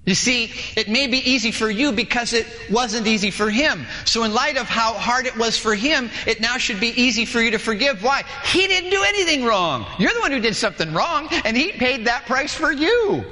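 A male pastor preaching a sermon in a lively way, acting out dialogues in different voices, in a large church hall. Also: very high-pitched, normal speed, hardly any pauses. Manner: animated, acts out dialogues with shifting voices. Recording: long hall reverb.

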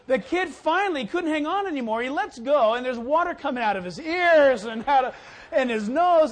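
A high-voiced man preaching a sermon. He moves between reading scripture and telling a lively personal story, calling out loudly when the story peaks. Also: normal speed. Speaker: pastor.

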